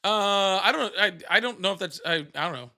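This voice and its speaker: Bright, excitable male livestream host. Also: sits high, a little fast. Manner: joking, excitable, laughs often. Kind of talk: casual live call-in chat.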